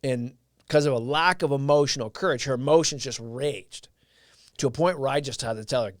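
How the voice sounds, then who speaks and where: A man's voice: mid-range voice, fairly quick, no room sound, studio quality. A man hosting a casual livestream, telling a story in a loose, rambling way with lots of fillers and restarts. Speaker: live stream host.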